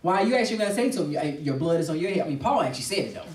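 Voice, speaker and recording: A man's voice: a little high, lively intonation, very fast, darkish tone. A man, a pastor, preaching with passion in a discussion and acting out the voices of people he quotes. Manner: emphatic, acts out quoted voices. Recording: roomy, distant mic.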